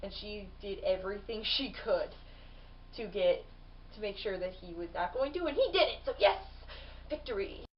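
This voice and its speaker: A woman's voice: medium pitch, expressive, moderate pace, distant mic, lo-fi sound, a little hiss or hum. A young woman chatting casually in a book vlog, bubbly and full of fillers and restarts. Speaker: book vlogger.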